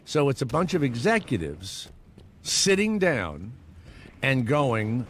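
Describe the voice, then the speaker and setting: A middle-aged man runs a comedic talk radio monologue, rambling and sarcastic. His pitch jumps around in a lively way. A faint noise floor sits under his voice. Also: slow pace. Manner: rambling, sarcastic, animated asides with mock voices. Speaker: radio show host.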